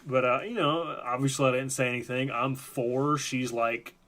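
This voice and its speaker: In a laid-back live stream chat, the host spins a meandering story laced with swearing and filler words. He speaks in a steady, slightly bright mid-range voice at a moderate pace.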